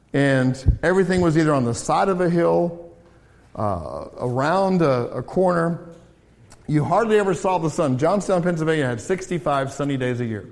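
A middle-aged American man preaching in a church, his fairly high voice swinging from raised emphasis down to low, hushed asides. A long reverb from the hall trails after each phrase. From United States. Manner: animated preaching, rising for emphasis, then dropping low. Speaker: pastor and counselor. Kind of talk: sermon.

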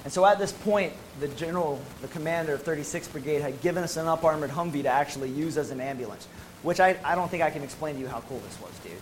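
An American man, a former Marine medic, telling a personal testimony to an audience in an animated, emphatic way with casual slang. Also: on the high side, quick pace, a little hiss or hum, poor audio.

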